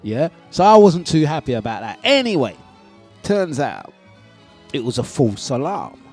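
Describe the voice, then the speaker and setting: A man hosting a breakfast radio show, telling a story in an animated, laughing way and acting out the scenes. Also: a little high, a little slow, faint music behind. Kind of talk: casual storytelling on air.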